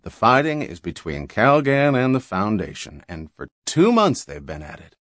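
A man's voice: on the low side, huge pitch swings, moderate pace, fairly bright tone, no echo, clean studio sound. A man voicing a plump, fussy, good-natured older man in an audiobook, blustering in homely folksy talk. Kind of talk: audiobook character reading.

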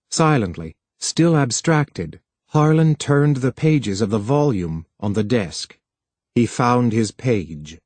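A man narrating an audiobook in a steady, measured reading voice. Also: mid-range voice, dry recording. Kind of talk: scripted narration.

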